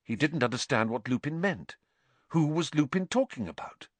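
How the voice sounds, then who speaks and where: A man reading an audiobook story with slow, expressive narration. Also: on the high side, no echo.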